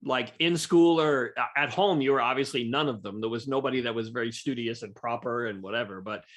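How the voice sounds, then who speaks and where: A man hosting a podcast, relaxed, asking questions and laughing along. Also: medium pitch, brisk. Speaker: podcast host. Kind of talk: casual interview chat.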